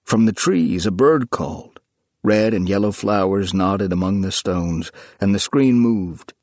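A man reading a story in measured, descriptive scripted narration. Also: deep voice, a little mellow, no echo.

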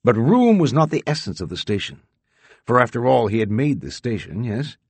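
A man reading fiction aloud as an audiobook narrator, with expressive, dramatic delivery. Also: mid-range voice, moderate pace, slightly rough, no room sound. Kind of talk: scripted narration.

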